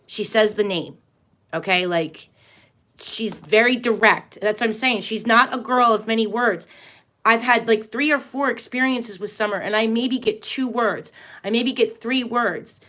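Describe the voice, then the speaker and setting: A woman's voice: a little high, unhurried, bright, forceful tone. A woman hosting a tarot and astrology livestream, talking casually in an earnest, emphatic way, rambling and restarting her sentences often.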